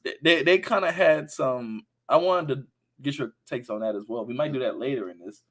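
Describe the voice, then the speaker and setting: A man's voice: mid-range voice, brisk. A man hosting a casual podcast, bantering loosely, laughing and arguing his points. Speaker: podcast host.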